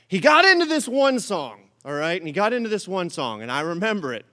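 A man's voice: high-pitched, brisk. A man giving a sermon, telling a comic story with frequent "all right?" asides before turning to scripture. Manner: animated, comic delivery. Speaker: pastor.

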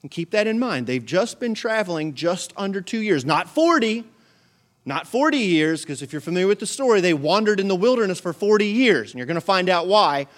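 Animated male pastor with a slightly high voice. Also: quick pace, hardly any pauses. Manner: animated storytelling with humor, acting out quoted voices. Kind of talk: sermon. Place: church service with a live congregation.

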